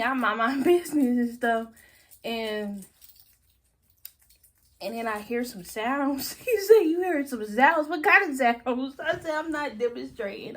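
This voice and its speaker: A young woman casually telling a story-time vlog, animated and laughing often, acting out her friends' lines. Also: fairly high pitch. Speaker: storyteller vlogger.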